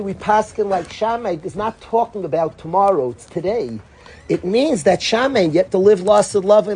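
Man, rabbi-style talk, animated, voices swing high and low, light background hiss. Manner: animated storyteller, acts out dialogue with big pitch jumps. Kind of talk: informal Torah talk.

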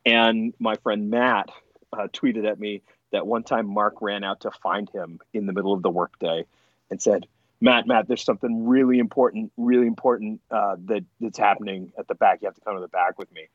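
A man's voice: fairly low pitch, no echo, lo-fi sound. A man telling funny stories in a casual podcast chat, laughing often. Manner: animated, laughing storyteller. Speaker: podcast guest.

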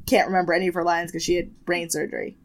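A woman's voice: fairly low pitch, little pitch movement, fast talker, poor audio. A woman co-hosting a casual podcast, chatty and sarcastic, swearing freely as she recaps a show. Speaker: podcast co-host. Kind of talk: casual chat.

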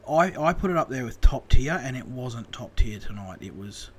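A man with an Australian accent, telling casual stories as a podcast co-host, animated and swearing freely. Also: medium pitch, normal speed, slight background noise. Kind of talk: casual storytelling chat.

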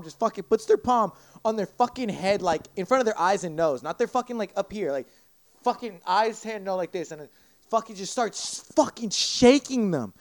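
Speaking in a high register, a young man on a podcast as a guest rambles through a long story in casual conversation. He swears constantly and acts out the quotes of those involved with animated energy, and the recording is dry.

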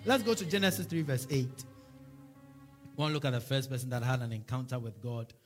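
A man's voice: medium pitch, brisk, faint music behind. A man preaching a sermon as a pastor, with fervent, repeated declarations and prayers.

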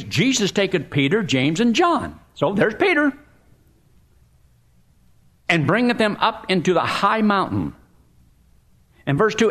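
A man preaching a sermon, reading scripture aloud and explaining it in a folksy, emphatic way. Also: fairly high pitch.

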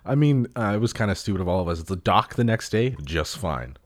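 A young man with a very low, deep voice swaps road stories in a loose, rambling way. He curses freely and breaks into laughter often. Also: lively intonation, fairly quick. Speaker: touring band musician. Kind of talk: casual chat.

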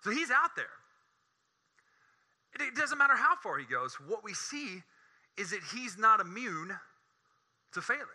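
A man preaching a sermon in an animated, joking way, his voice climbing high when he gets excited. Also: measured pace, long pauses.

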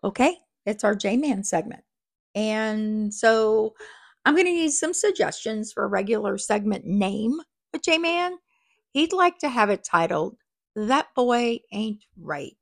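A woman's voice: medium pitch, lively intonation, a little slow, no echo, studio quality. A woman hosting a podcast in casual, rambling chat, full of asides, recorded on a small mic in a crowded little office. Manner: chatty and rambling, with many fillers and asides. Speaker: podcast host. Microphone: small microphone.

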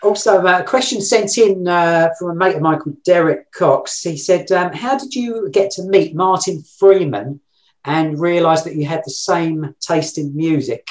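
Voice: medium pitch, moderate pace, echoey room. An interviewer asking short questions and reading out a question sent in by a listener.

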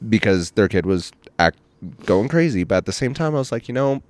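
A man co-hosting a podcast in casual chat, a parent who acts out quotes with lively emphasis, recorded on an outdoor patio. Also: lowish voice, a little fast. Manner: animated storyteller, acts out quotes. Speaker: podcast co-host. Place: back patio outdoors by a fire.

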